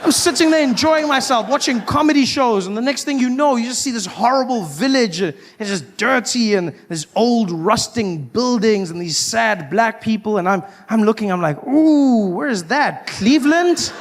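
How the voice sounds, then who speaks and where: A man's voice: sits high, moderate pace, few pauses. A South African man doing a stand-up comedy set, wry and self-mocking, acting out people as he talks. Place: live comedy stage.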